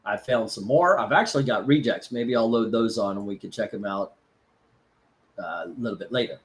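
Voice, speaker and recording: A man's voice: fairly low pitch, brisk. Rambling man hosting a live stream. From Florida. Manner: rambling, many fillers and restarts. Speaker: host. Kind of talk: casual live-stream chat.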